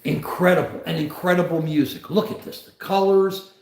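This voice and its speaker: An older man in his seventies with a high-pitched voice hosts a casual livestream. He rambles, argues and talks straight to his viewers. The sound is roomy and echoey. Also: steady tone, normal speed, darkish tone, slight background noise. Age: 70s. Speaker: livestream host.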